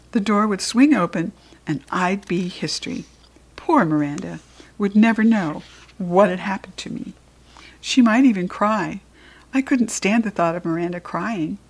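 Woman narrator for a children's audiobook, animated and playful, mid-range voice. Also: medium pitch. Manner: lively, expressive, playful. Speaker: audiobook reader. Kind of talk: first-person storybook narration.

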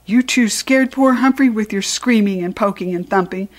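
A woman's voice: medium pitch, moderate pace, natural voice. A woman voicing an anxious, earnest father who pleads and then gives firm orders, in a storybook reading.

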